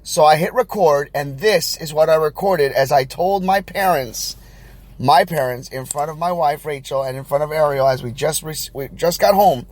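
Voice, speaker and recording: A young man, a new father hosting a podcast, telling a personal story in a rambling, animated way with many restarts. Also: on the high side, normal speed. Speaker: podcast host.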